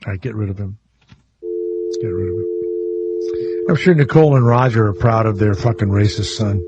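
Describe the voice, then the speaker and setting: A man's voice: on the low side, quick pace, dull audio, very noisy. Brash, joking radio host man. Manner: brash, joking, crude and profane. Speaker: radio talk show host. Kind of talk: casual call-in radio banter. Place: radio studio.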